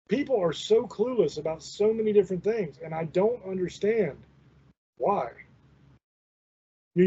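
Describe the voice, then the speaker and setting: A man's voice: high-pitched, darkish tone, breathy edge. A man in his forties hosting a show, telling a rambling, profane story in a folksy, casual way. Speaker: host. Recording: dull lo-fi recording.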